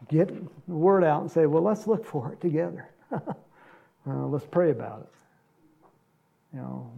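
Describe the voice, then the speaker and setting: Guy preaching a sermon, kinda high but dark mellow tone, acts stuff out. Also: gravelly. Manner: animated, acts out Bible scenes in voices, laughs often. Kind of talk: sermon with closing prayer.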